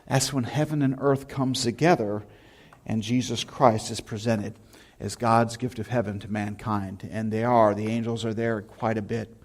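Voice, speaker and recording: A man's voice: lowish voice, moderate pace. Man preaching a storytelling sermon. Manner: storytelling, animated anecdotes with shouted imitations. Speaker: pastor. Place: church sanctuary.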